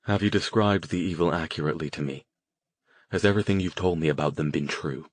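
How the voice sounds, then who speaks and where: A man voicing a cold, dispassionate male mage who speaks flatly and without emotion. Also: very deep voice, fast, dry recording. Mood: probing. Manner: flat, clipped, emotionless.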